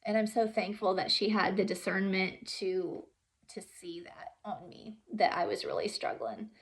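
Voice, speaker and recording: Earnest woman with a gravelly voice. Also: mid-range voice, fairly even intonation. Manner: earnest, halting, with many fillers and soft whispered moments. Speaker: vlogger sharing her story. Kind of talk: emotional personal storytelling.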